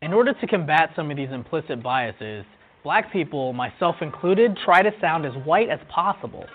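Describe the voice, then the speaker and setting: A man's voice: a little high, very animated, moderate pace. A man narrating a scripted documentary segment in a wry, playful way. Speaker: video narrator. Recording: tinny lo-fi clip with faint music.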